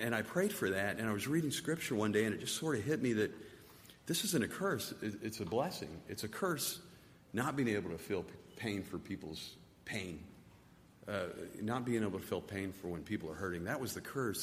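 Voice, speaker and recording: A middle-aged man giving a personal testimony, halting and soft-spoken, often repeating his words. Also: on the low side. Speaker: testimony speaker. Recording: long hall reverb, faint noise.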